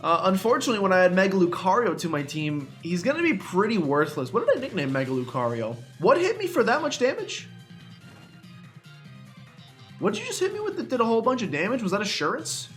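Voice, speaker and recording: A man's voice: sits high, big pitch swings, fast, few pauses, a bit bright, faint music behind. A young man commenting on a video game playthrough in a chatty, self-mocking way, often talking straight to the game. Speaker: gaming YouTuber. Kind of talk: let's play commentary.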